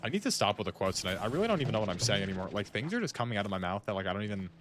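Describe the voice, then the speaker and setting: A man's voice: on the low side, big pitch swings, racing, over music. A man gaming and chatting casually, rambling with lots of "like" as he muses aloud to friends. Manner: rambling, heavy use of "like", musing aloud to friends. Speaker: gaming streamer. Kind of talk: casual chat while playing a game.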